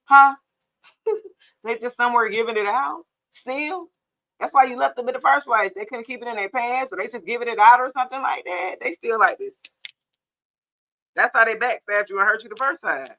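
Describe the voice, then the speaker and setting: Young woman, bright edge, sassy and blunt tarot reader, casual delivery on a lo-fi phone mic. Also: a little high, a little fast. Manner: sassy, blunt, laughing asides. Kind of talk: casual tarot reading to camera. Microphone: phone or camera mic.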